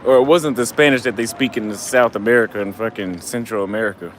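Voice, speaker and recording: This man's voice is lowish, steady and fairly bright, and he talks fast over a faint hiss or hum. Vlogging into a handheld camera on a night-time city street, the tipsy, out-of-breath travel vlogger rambles profanely and keeps losing the thread mid-thought in a casual monologue.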